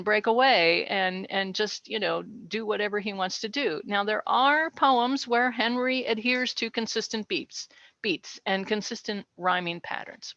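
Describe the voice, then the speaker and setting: A woman researcher talks through poetry in a relaxed, chatty lesson, dropping asides and small laughs. Her voice sits mid-range, recorded dry with no room sound. The audio is slightly dull and muffled. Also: medium pitch, vocal fry, no room sound. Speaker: researcher giving a talk. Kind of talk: casual educational talk.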